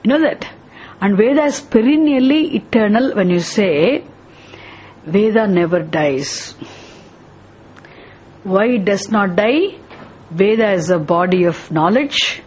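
A woman's voice: medium pitch, expressive, takes it slowly, long pauses, darkish tone, slight background noise. A woman teaching a scripture class, explaining terms step by step and often asking the class questions. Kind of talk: scripture lesson.

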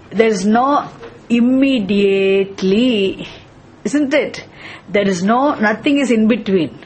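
Husky, fairly high woman teacher; patient scripture lesson, asks questions and repeats key terms.

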